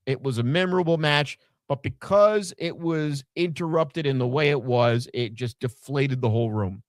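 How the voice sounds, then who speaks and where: A man's voice: medium pitch, moderate pace, no room sound, clean studio sound. A man co-hosting a podcast, giving a blunt, profane, opinionated wrestling recap in casual chat. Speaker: podcast co-host.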